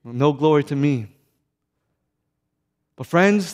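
A man preaching a sermon, telling stories dramatically and swinging from loud to hushed. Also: fairly high pitch, expressive, slow pace, pauses often. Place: church sanctuary. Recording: long reverb of a church sanctuary.

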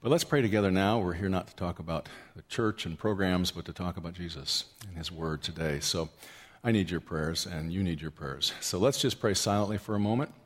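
A man's voice: low voice, brisk. Preaching man in a reverberant hall. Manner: storytelling, rising to loud animated peaks; asks the congregation questions. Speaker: pastor. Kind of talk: sermon. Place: church hall.

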